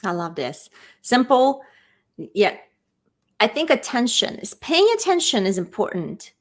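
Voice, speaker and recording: A woman's voice: a little high, very animated, measured pace. A woman hosts an interview, reacting to her guest with enthusiasm and affirmation. Her speech is loose and full of fillers as she builds her questions. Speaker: podcast host. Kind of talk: interview conversation.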